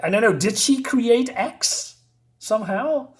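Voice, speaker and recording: A man's voice: very high-pitched, lively intonation, slow pace. A man casually reviewing a comic book, reading the dialogue aloud in loose voices and laughing often.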